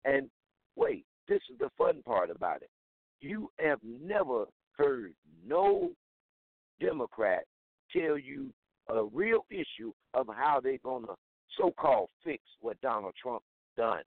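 A man's voice: mid-range voice, big pitch swings, slow pace, gravelly, no echo. A man calling into a talk radio show and ranting in a heated, indignant, blunt way. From Houston, Texas. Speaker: caller. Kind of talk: call-in talk radio rant. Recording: tinny phone line.

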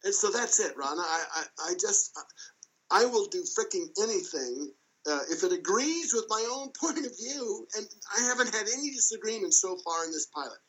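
A man as an interview guest, casually telling a story in a lively way and chuckling as he goes. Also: high-pitched, normal speed, poor audio.

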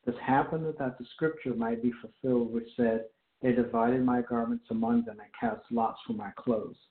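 A man preaching a sermon, reading scripture aloud and then explaining it with slow, deliberate emphasis. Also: mid-range voice, lively intonation. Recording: echoey, phone-like tinny sound.

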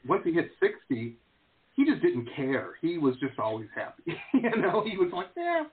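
A man's voice: a little high, moderate pace. A middle-aged man hosting an interview, chatting casually and joking, often acting out the voices of others. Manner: animated, joking, acts out quoted voices. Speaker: host. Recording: tinny phone-like call audio.

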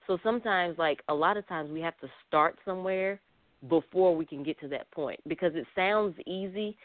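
A man's voice: a little high, brisk, no echo. A man counseling as a radio guest, talking bluntly and straight, often laughing. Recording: dry tinny phone-like line.

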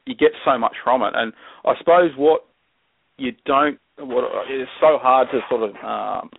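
A man's voice: medium pitch, unhurried, creaky, husky, no echo. An Australian man, a guest on a podcast, chatting casually and enthusiastically, rambling with many restarts and frequent laughs. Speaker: guest herpetologist. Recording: tinny phone-like call audio.

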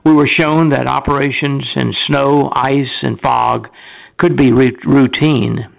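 This is an older man reading his flying memoir aloud, his voice heavy with gravel at an ordinary pitch. He reads in a measured, careful way and now and then trips and corrects a word. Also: fairly even intonation, lo-fi sound. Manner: measured, deliberate reading with small slips. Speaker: retired airline pilot reading a memoir.

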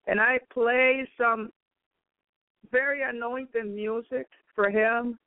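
A woman's voice: fairly high pitch, steady tone, slow, no echo. A woman preacher giving a fervent spoken testimony, repeatedly breaking into praise. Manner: fervent, peppered with praise exclamations. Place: home in Chicago. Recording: dry, phone-like narrow sound.

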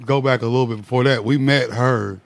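A man, a rapper guest on a podcast, telling a story in a halting way. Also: mid-range voice, fairly even intonation, creaky. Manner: halting, repeats words while recalling. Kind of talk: casual chat.

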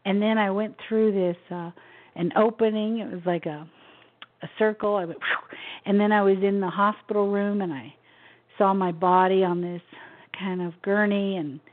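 A woman in her sixties tells a personal story as a radio guest, soft-spoken and halting, with small laughs between thoughts. Her voice sits at an ordinary pitch for a woman. It comes through a thin, tinny phone line. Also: fairly even intonation. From Memphis, Tennessee, USA. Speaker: guest author.

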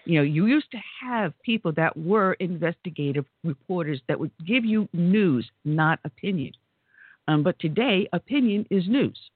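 A woman's voice: fairly low pitch, expressive, normal speed, breathy edge, no echo. A woman hosting a conservative talk radio show, chatty and telling stories with exclamations. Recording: tinny phone-like line.

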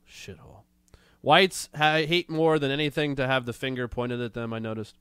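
A man's voice: mid-range voice, little pitch movement, a bit bright, clean tone, dry recording. Sarcastic male stream host with a cold. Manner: sarcastic, mocking, drawn-out jokes. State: has a cold. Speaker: livestream show host. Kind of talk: casual commentary reacting to clips and chat.

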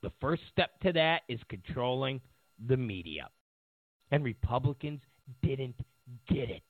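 A man delivering an animated, sarcastic political monologue as a commentator. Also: mid-range voice, a little slow, no echo, narrow, tinny audio.

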